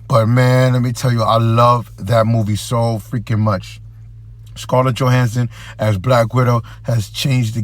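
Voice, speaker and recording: A man's voice: mid-range voice, dry recording. A man hosting his own movie review channel, talking casually and enthusiastically in slangy, conversational speech.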